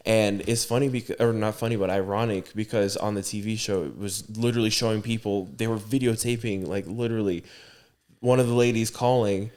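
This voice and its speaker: Lower-voiced man rambling as a guest. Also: fairly even intonation, brisk, darkish tone. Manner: rambling, filler-heavy storyteller. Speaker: podcast guest. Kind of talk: casual chat.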